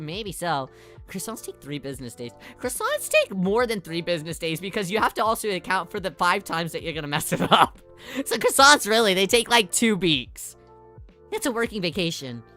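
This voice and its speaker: Soft music runs beneath a woman streamer's lowish, sing-song voice, which is bright and forceful and a little fast. Chatting casually on her live stream, she rambles, laughs often between thoughts, and does mock voices.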